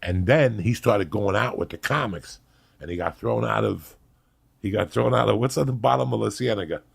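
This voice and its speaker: A man's voice: lowish voice, moderate pace, vocal fry, slightly rough. A man, a comedian and actor, telling blunt, profane stories in a casual chat. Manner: blunt, swears freely.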